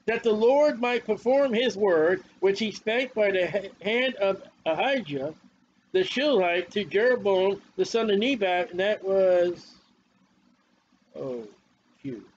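A man's voice: high-pitched, muffled recording, slight background noise. A man preaching a fiery, confrontational sermon with a lot of repetition.

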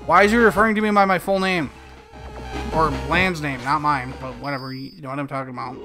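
A man's voice: a little high, steady tone, fairly quick, music in the background. A man doing casual let's play commentary, joking, swearing and talking back at the game.

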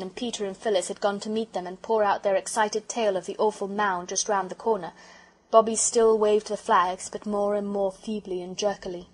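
A woman narrating a children's audiobook with expressive storytelling. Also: medium pitch, husky, rough recording.

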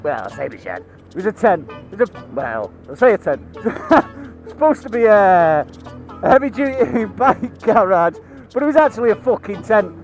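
A man's voice: sits high, very animated, moderate pace, faint music behind, rough recording. A man with a British accent chatting casually to camera as a biker vlogger, laughing often, swearing constantly and rambling between asides. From United Kingdom. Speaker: motorcycle vlogger.

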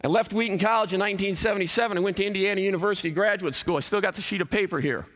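A high, slightly bright voice rattles through an emphatic chapel sermon at a very fast clip. The preacher is a man in his fifties who works as a college athletic director and speaker, and he swings his voice up and down for effect under the long reverb of a large college chapel.

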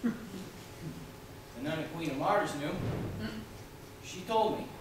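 A young man playing an intense, troubled teenage son in a live stage monologue, speaking theatrically and swinging between hushed and loud passages. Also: fairly high pitch, slow. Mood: recounting. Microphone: distant room mic. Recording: distant, echoey theatre hall, noisy.

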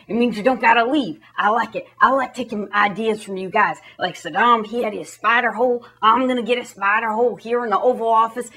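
A woman's voice: a little high, a bit bright. A woman doing a folksy, chummy male president. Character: folksy boastful middle-aged male president.

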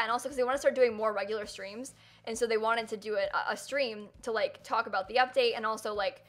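A woman's voice: on the high side, a bit bright. A young woman streaming live, chatting casually and rambling with lots of fillers as she reads chat and thanks viewers.

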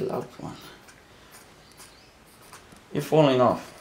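A man chatting to his new puppy at home at night in soft, doting baby talk, often shushing it. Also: a little high, measured pace. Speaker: vlogger. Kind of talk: casual chat with a new puppy. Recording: roomy echo, faint room noise.

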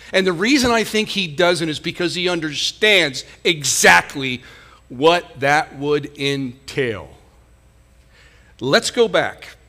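Male pastor, high and bright-toned, conversational sermon delivery full of rhetorical questions.

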